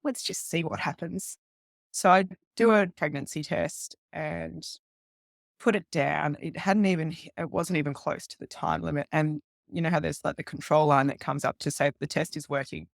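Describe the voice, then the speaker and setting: An Australian woman in her thirties, a guest on a podcast, talks through her own story in a chatty, open way and slips into the voices of the people she quotes. Her voice sits on the low side, and the recording is dry and close, with no room sound. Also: normal speed, creaky, dry recording. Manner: chatty, laughs often, acts out quoted voices. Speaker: podcast guest, police detective. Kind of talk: candid personal storytelling.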